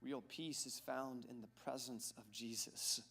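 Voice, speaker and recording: A man's voice: mid-range voice, unhurried, hardly any pauses. A male pastor preaching a sermon in a church sanctuary, conversational and joking, asking the congregation questions.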